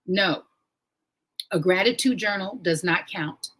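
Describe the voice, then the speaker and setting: Husky, animated woman hosting a live stream. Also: slow, poor audio. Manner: animated and emphatic, swings up in pitch when excited. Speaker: live-stream show host. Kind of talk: casual motivational talk with book reading. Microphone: home live-stream mic.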